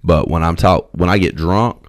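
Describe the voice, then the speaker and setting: A man's voice: sits low, steady tone, moderate pace, no echo, clean studio sound. A young man from Alabama with a Southern accent, chatting casually and swearing freely on a podcast. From Alabama, USA. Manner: laid-back, swears freely. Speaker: podcast host. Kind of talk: casual chat.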